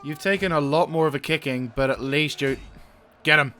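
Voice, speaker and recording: A young man giving let's-play commentary, excitedly barking orders at his troops, swearing, and rambling about the game. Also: fairly high pitch, a little fast. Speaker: gaming channel host.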